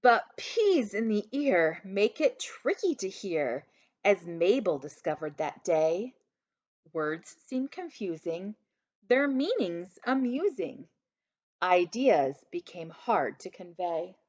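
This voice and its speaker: A woman teacher reads a rhyming picture book aloud in an unhurried, sing-song voice, slipping into quiet asides for young listeners. Her pitch rises and falls with lively swings. The recording is dull and lo-fi.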